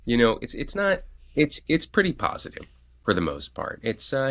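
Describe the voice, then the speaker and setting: Gravelly, animated dad podcast host. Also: male voice, normal speed. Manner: animated, jumps high to act out quoted voices. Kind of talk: casual storytelling chat.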